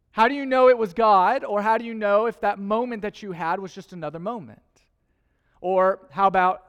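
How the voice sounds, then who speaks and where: High-voiced pastor in a reverberant hall. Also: male voice, smooth. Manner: conversational, rhetorical questions, playful asides. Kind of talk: sermon. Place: church auditorium.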